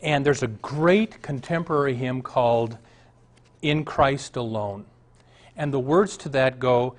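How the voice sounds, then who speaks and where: A man's voice: mid-range voice, lively intonation, normal speed. A male pastor, preaching a sermon that moves from storytelling to emphatic outbursts.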